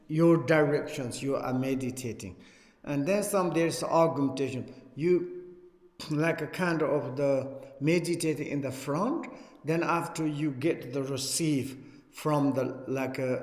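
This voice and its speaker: Slow-speaking teacher in an echoey hall. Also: male voice, on the high side, a little mellow. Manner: halting non-native English, chuckles often, recites text in Tibetan. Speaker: Buddhist teacher. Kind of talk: Dharma teaching with chanted recitation. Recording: echoey hall with long reverb.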